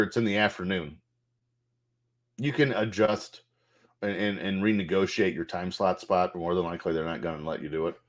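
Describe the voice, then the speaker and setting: A man casually walking through a wrestling management game's menus, loose and a bit profane, thinking aloud as he goes. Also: fairly low pitch. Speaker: gameplay streamer. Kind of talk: casual game walkthrough commentary.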